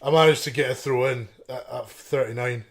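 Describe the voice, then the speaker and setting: A man's voice: medium pitch, steady tone, a little fast, vocal fry. A man co-hosting a podcast, speaking in easygoing casual chat, chuckling often and restarting with fillers. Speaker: podcast co-host.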